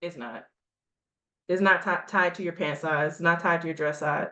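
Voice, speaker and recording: A woman's voice: lowish voice, steady tone, fairly quick, a bit bright. A woman gives a motivational coaching talk to a group. She speaks emphatically, asks rhetorical questions and repeats short lines for effect. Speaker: health coach.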